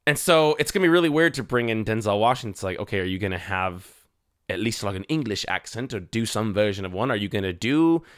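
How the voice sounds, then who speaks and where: A man's voice: fairly low pitch, expressive, fast talker, clear, resonant tone, dry recording. Rambling, swearing man on a dry mic. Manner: swears freely, rambling with many fillers. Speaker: podcast co-host. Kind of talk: casual movie chat.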